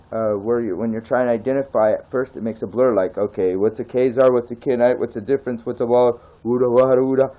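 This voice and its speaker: A man from the United States who grew up in California and Tennessee gives a meandering, rambling monologue packed with fillers and checks of "okay?" His voice is medium-pitched and darkish, and the recording sounds muffled.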